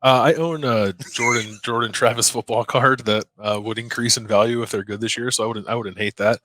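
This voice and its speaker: A man co-hosting a casual sports podcast, chatty and quick to laugh, with lots of fillers. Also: medium pitch, steady tone, bright, forceful tone, no room sound. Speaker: podcast co-host.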